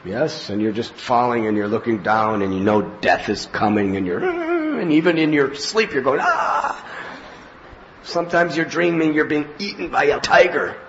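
A man giving a devotional spiritual talk as a teacher, telling anecdotes in an animated way and acting out scenes. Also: medium pitch, moderate pace, hardly any pauses, a little hiss or hum. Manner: animated storyteller, acts out scenes with laughs and cries. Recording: slightly muffled lo-fi recording with faint ambience.

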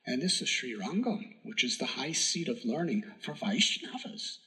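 A man giving a sermon, telling a devotional story in an earnest, emphatic way that sometimes drops to a hush. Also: medium pitch, expressive, normal speed, rough recording. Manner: earnest, emphatic storytelling with hushed whispered moments. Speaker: spiritual teacher.

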